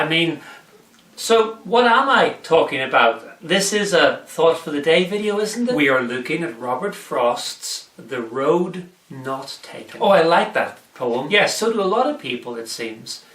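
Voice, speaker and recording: Man, comic church video host, bright voice, recorded off mic in an echoey room. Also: on the high side, far from the mic. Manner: plays both joke-teller and weary skeptic. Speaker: church presenter.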